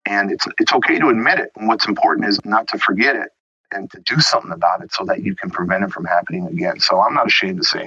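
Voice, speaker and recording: A man hosts a casual podcast with a husky, bright, low-pitched voice. His talk is candid and rambling, and he keeps reflecting on himself as he goes. The audio is dry and a little dull, with a lo-fi cast. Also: fast talker, no room sound. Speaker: podcast host, pool service owner.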